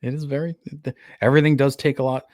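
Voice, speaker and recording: A man co-hosting a casual movie review podcast, retelling scenes with animated, laughing energy. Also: medium pitch, fast talker, dry recording, clean studio sound. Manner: animated storyteller, laughs at his own retellings. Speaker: podcast co-host. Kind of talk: casual film review chat.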